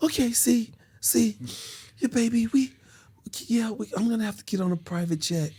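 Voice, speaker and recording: A man's voice: very high voice, moderate pace, dark tone, husky, pitched above the performer's own voice. A man putting on a breezy, evasive young woman. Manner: sweet-talking, breezy, evasive.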